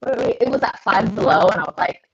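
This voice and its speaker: A woman's voice: fairly high pitch, fast, highs cut off. A woman co-hosting a casual livestream chat, talkative and laughing, eating while she talks. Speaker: podcast co-host.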